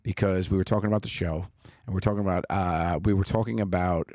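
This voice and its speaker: A man with a lowish voice rattles through his stories at a quick clip, restarting and tripping over his words as he chats. He sounds close and dry, with no room around him. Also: steady tone, a little mellow, no echo. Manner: rambling storyteller, trips over words. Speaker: podcast co-host. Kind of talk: casual chat.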